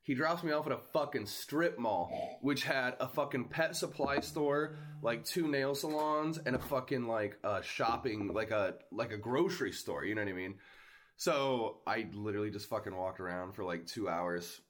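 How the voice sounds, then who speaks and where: A man's voice: medium pitch, normal speed, fairly bright tone. A man chatting casually on a podcast. He tells loose, rambling stories, swears freely, and fills his talk with "like" and "you know.". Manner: loose, profane storytelling with frequent fillers. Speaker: podcast guest. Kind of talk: casual banter.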